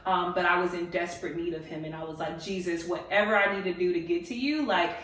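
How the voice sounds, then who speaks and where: A woman's voice: lowish voice, fast talker, fairly bright tone. A woman in her twenties, a life group leader, telling her faith story in an earnest, emphatic way with many ums and repeats. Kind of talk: personal faith testimony in a casual interview. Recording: echoey room, mic at a distance.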